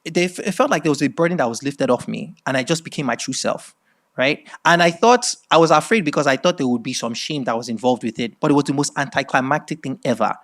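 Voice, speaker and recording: A middle-aged man from Nigeria with a Nigerian accent, giving a masterclass lecture as animated storytelling and often checking in with "right?". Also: medium pitch, quick pace. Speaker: speaker at a masterclass.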